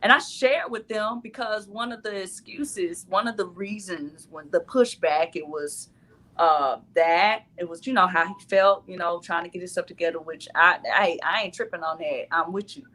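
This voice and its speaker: Bright-voiced woman telling a story. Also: fairly low pitch, moderate pace. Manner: animated, acts out her own quoted lines. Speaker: reality dating show cast member. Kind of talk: casual storytelling chat.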